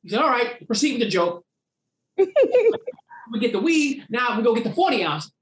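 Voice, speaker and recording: In a reverberant space, a male comedian speaks quickly in a very high-pitched voice, recounting career anecdotes during an interview. He's an animated storyteller who performs the voices of the characters he describes.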